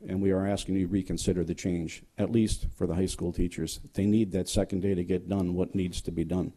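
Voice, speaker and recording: A man's voice: low-pitched, little pitch movement, fairly quick, mellow. A man giving a public comment at a school board meeting, reading survey responses aloud.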